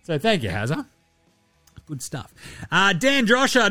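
A man's voice: high-pitched, huge pitch swings, measured pace, pauses often, pushed and bright, dry recording. Rambling Australian man, dry close sound. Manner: rambling, profane, slangy banter. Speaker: podcast host. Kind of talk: casual basketball podcast chat.

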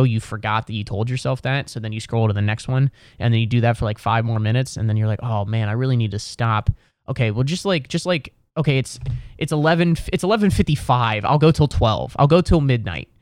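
A man's voice: mid-range voice, brisk, darkish tone, no echo. A young man sitting at home in a chair, musing aloud in a meandering, wry comedic monologue full of restarts and self-corrections. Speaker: solo vlogger.

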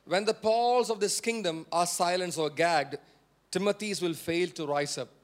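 A man's voice: high-pitched, moderate pace. A male pastor preaching a sermon, repeating key phrases for emphasis and prompting the congregation to answer.

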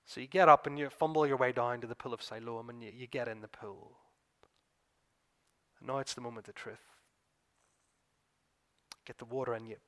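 A man preaching a sermon as pastor, retelling a gospel story vividly and speaking to listeners as "you", building to excited peaks and then dropping quiet. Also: mid-range voice, normal speed, pauses often.

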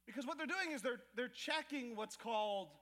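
Pastor guy preaching, really high voice, jokey storyteller acting out bits, big echoey church hall. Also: brisk. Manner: animated storytelling with acted asides to the crowd. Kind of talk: sermon. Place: church auditorium. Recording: long hall reverb.

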